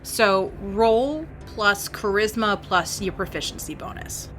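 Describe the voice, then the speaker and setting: A woman narrating a tabletop game as game master, gentle and encouraging toward her player. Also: medium pitch, expressive, takes it slowly, over music.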